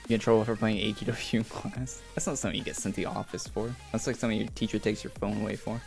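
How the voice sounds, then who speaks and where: A young man streaming a game rambles through school stories in casual chat, laughing as he goes, with faint music in the background. His fairly low, steady voice races along with vocal fry and a slightly mellow tone.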